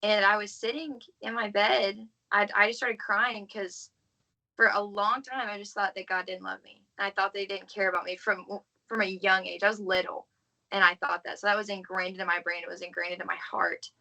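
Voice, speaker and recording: A woman's voice: medium pitch, little pitch movement, moderate pace, vocal fry, pushed and bright, rough recording. A young woman from the southern United States, a podcast guest giving an earnest, heartfelt personal faith testimony in casual talk full of "like.". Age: young adult. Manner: earnest, heartfelt, frequent "like" fillers.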